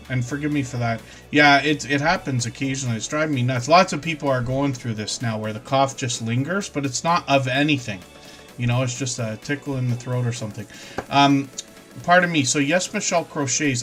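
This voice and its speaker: A man's voice: mid-range voice, fairly bright tone. Chatty man hosting a live stream. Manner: chatty, apologetic, says pardon me often. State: lingering cough. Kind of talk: casual live stream chat.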